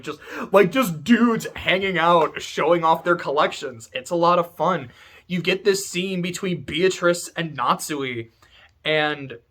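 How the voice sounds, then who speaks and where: A man's voice: on the high side, bright, forceful tone. A man talking through a story in casual, rambling commentary, full of fillers and swearing, at home. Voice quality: chatty, swears, many "like" fillers. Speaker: video essay host. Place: home room.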